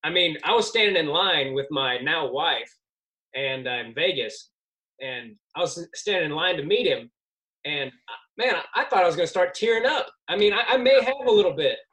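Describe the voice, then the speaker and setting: A man's voice: a little high, animated, moderate pace, sharp tone, poor audio. A man hosting a podcast, chatting casually and laughing easily. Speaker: podcast host. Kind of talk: casual chat.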